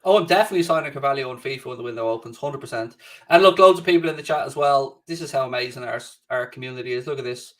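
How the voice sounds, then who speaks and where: A man hosts a casual live stream at home, racing along in a slightly bright, medium-pitched voice. He chats loosely, swears freely, and reads out viewer comments, recorded on a distant mic.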